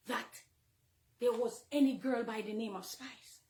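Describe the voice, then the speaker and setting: A woman with a Jamaican accent, a minister speaking emotionally to her followers, swinging between hushed confiding and loud, heated outbursts. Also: a little high, unhurried, echoey room. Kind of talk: emotional personal address to followers.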